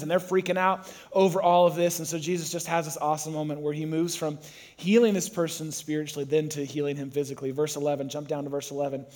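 Man, pastor, sermon, lively storytelling, slightly high voice. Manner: animated storytelling, acts out voices.

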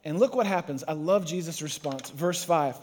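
A man's voice: a little high, normal speed, a little mellow, slight background noise. A man preaching a sermon to a congregation, who tells the story with energy and acts out the voices. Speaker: pastor.

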